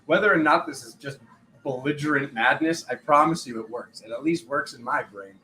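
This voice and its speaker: Bright-voiced rambling male tarot reader. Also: mid-range voice, a little fast, a little hiss or hum, low-quality recording. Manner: rambling, acts out quoted voices. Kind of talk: spiritual tarot reading monologue.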